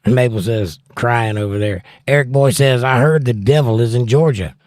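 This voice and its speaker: A man's voice: mid-range voice, normal speed, a little mellow, no room sound, clean studio sound. A man hosting a casual livestream, reading viewer comments aloud and chatting about them. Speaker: livestream host reading chat.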